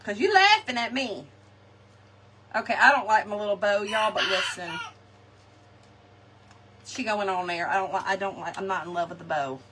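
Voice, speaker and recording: A woman's voice: mid-range voice, steady tone, normal speed, long pauses, fairly bright tone, a little hiss or hum. A woman chatting to viewers while crafting live, laughing often and talking to her audience. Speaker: crafting vlogger. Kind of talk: casual live craft chat. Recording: distant mic with faint ambience.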